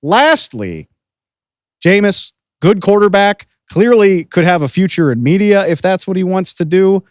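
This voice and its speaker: A chatty male sports podcast host with a fairly high, very animated voice, keen and opinionated. The sound is close and dry, with no room echo. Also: unhurried. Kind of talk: casual commentary.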